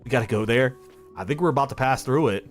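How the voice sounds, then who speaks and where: Chatting casually as he plays a game on stream, this man speaks fast in a mid-range voice. He rambles, thinks out loud and swears without restraint, with clear music behind him.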